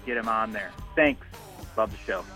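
A man's voice: fairly low pitch, moderate pace, sharp tone, soft background music, low-quality recording. A man from Chicago leaving a voicemail as a caller, full of filler uhs but enthusiastic. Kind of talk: listener voicemail.

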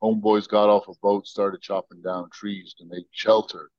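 An American man, a podcast guest, telling stories and arguing his views in an animated, opinionated way. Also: lowish voice, normal speed, dry recording, lo-fi sound. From United States. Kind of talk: casual podcast interview.

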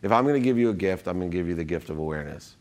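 A man's voice: low voice, animated, racing, a little mellow. A man talking as a podcast guest, philosophizing with energy and restarting his sentences often as he tells his story. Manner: frequent restarts and self-interruptions. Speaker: podcast guest, business executive. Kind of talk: conversational storytelling.

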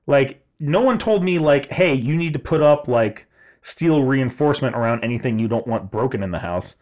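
Male co-host, casual storytelling, animated and profane, average pitch. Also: normal speed. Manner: animated, swearing, laughing, mimicking others in quotes.

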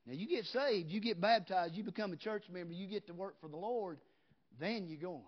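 A man preaches at a revival in a high voice, folksy and plainspoken. He rises to hollering peaks and then drops to a hushed storytelling tone. The recording sounds dull and muffled. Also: fairly quick. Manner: folksy, drops into "ain't" and "you know what". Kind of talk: revival sermon.

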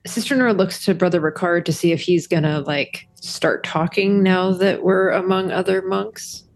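A woman's voice: on the low side, normal speed, vocal fry, soft background music. A woman playing a tabletop game, describing what her character does. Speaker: player.

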